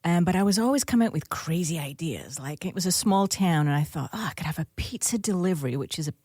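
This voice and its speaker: A woman's voice: lowish voice, expressive, quick pace, dark tone, husky, no room sound, studio quality. A middle-aged woman from England, a guest in an interview, telling her story in a friendly way. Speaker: podcast guest, business owner. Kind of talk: interview conversation.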